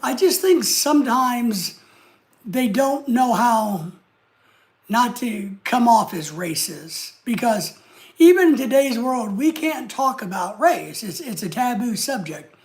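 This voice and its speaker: A man's voice: extremely high pitch, sing-song, takes it slowly. A man hosting a live stream, chatting casually and answering viewer comments in an easygoing way. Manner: easygoing, chatty, talks straight to the chat.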